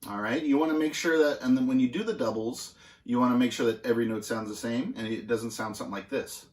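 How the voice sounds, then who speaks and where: A man teaching basic drum exercises in a casual, halting way, with plenty of filler words. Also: mid-range voice, echoey room, noisy background. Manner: relaxed, halting with many fillers. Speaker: drum instructor. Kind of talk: casual instructional demonstration. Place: music school practice room.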